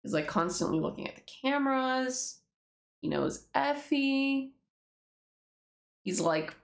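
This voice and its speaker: A fairly low-voiced woman rambles through her own comic, dropping swear words and quick laughs between panels. Her voice rings in a roomy, echoey space. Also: creaky. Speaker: webtoon creator. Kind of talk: casual commentary reading a comic. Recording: roomy echo.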